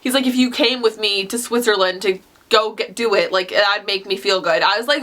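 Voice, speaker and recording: A woman's voice: mid-range voice, moderate pace, few pauses, a bit bright. A young woman talking casually about a book she loved, chatty and gushing, with lots of "like.". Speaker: book vlogger. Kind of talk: casual book review talk.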